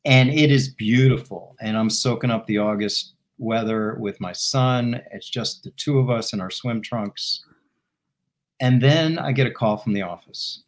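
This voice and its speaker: A man who is a guest and former football team executive, telling an anecdote in an animated way and laughing as he goes. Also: medium pitch, moderate pace. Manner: animated, laughing while he tells it. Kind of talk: storytelling anecdote in interview.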